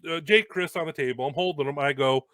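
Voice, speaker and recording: A young man hosting a casual chat, telling a story with lots of swearing and loud acted-out quotes. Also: on the high side, quick pace, no room sound. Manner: animated, swearing, acts out quotes loudly. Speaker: host.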